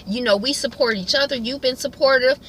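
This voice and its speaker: An eager young roommate guy, as a woman recaps him cheers his friend on, his voice pitched a little above her own and bright. He sounds upbeat and encouraging. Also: brisk, a little hiss or hum, poor audio. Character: eager, supportive young male actor roommate.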